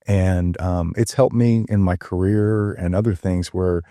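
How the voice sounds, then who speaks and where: An older man talks in a deep, mellow voice. He tells stories earnestly and folksily, pausing on ums. The sound is dry and close. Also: fairly even intonation, no room sound. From Tennessee. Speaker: guest. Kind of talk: casual storytelling interview.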